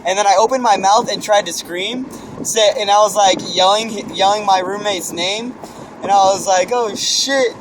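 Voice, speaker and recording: A young man casually telling friends an animated story, swearing and acting out his own shouts. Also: high voice, normal speed, noisy background. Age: young adult. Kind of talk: casual chat.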